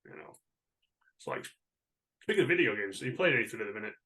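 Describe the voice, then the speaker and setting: A man's voice: fairly low pitch, big pitch swings, fast, pushed and bright. A middle-aged man hosting a podcast, chatting in a friendly, laughing, casual way. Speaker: podcast host. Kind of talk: casual chat.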